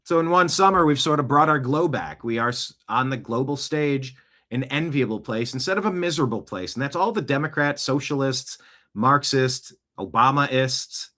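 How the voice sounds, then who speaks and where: A man's voice: medium pitch, moderate pace, pushed and bright. A man hosting a show, giving casual, rambling political commentary and reacting to clips, with conversational asides. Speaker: show host. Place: home studio, seated.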